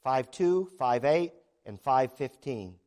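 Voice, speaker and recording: A man's voice: medium pitch, expressive, takes it slowly, darkish tone. A middle-aged male preacher giving a sermon, emphatic and conversational, asking the listeners rhetorical questions.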